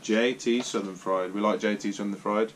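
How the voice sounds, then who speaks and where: A man chatting gently with his young daughter, encouraging her and prompting her with questions. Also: lowish voice, fairly even intonation, moderate pace, slight background noise. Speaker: father.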